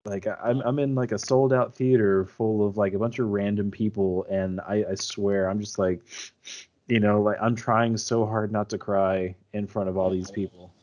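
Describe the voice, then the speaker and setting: Young guy, lowish voice, rambly casual chat, lots of um and like. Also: steady tone, moderate pace, darkish tone, dull audio. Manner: rambling, many fillers and restarts.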